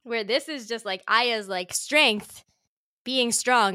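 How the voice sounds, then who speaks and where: A woman chatting casually as a co-host, animated and laughing often, acting out characters' lines as she recaps a show. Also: medium pitch, slow pace, dry recording, studio quality. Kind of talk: casual chat about an anime.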